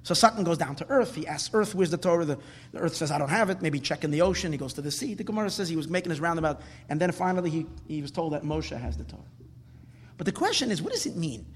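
Male Talmud teacher, high voice, animated storyteller, long reverberant sound. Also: slightly rough. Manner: animated, mixes Hebrew-Aramaic quotes with English explanation. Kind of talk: lively storytelling Talmud class.

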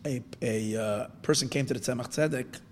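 A man teaches a Torah lesson through a story, speaking haltingly and often restarting, posing questions and answering them himself. His voice is medium-pitched, with slight background noise.

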